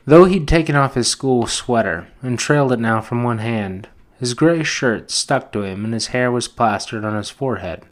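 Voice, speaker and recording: A man reading a novel aloud for a book club podcast, steady and measured. His voice sits at a middle pitch for a man. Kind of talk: audiobook narration.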